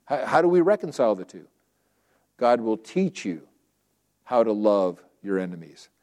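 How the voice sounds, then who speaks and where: Mellow-voiced man preaching a sermon. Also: fairly low pitch, sing-song, moderate pace. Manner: conversational preaching, acts out quoted prayers and objections; repeats and restarts phrases.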